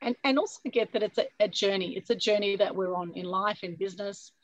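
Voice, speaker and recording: A woman with a husky voice hosting an online meetup, energetic and coaxing, often adding "right?" over a video call. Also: medium pitch, quick pace, no room sound, highs cut off. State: husky from a recent flu. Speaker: meetup host. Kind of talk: upbeat motivational talk on a video call.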